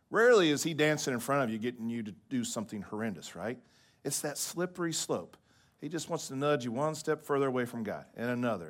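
A pastor delivering a sermon to his congregation in a lively preaching manner. He checks in with "right?" and now and then drops his voice soft and quiet for emphasis. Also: medium pitch.

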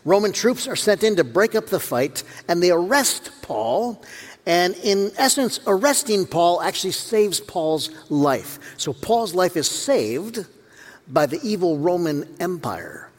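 Lively pastor preaching in a reverberant hall. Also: male voice, high-pitched, measured pace. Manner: storytelling, acts out quoted voices with humor. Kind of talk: sermon. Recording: long reverb of a church hall.

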